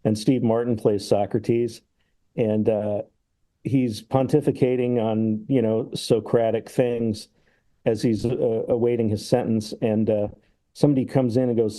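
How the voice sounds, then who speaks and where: A man's voice: medium pitch, steady tone, normal speed, warm tone. A man talking casually as a podcast guest about film, thoughtful and musing, who acts out comedy sketches as he retells them.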